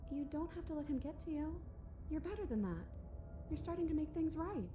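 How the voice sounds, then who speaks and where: A gentle, high-voiced game princess. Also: female voice, animated, brisk, muffled recording, over music. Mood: soothing. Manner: soft, soothing, encouraging. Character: gentle princess, reassuring and hopeful. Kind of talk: scripted game voice acting.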